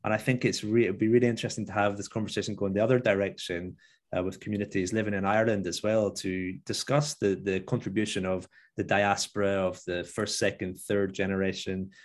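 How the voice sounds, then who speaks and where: A man's voice: on the low side, level tone, brisk. A man moderating a panel conversation, reflecting and thinking aloud as he steers the discussion.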